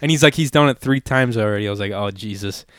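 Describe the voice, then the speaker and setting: A man's voice: on the low side, quick pace, a bit bright, clear, resonant tone, dry recording, studio quality. A young man in casual chat, telling a rambling, profane story and acting out the quotes.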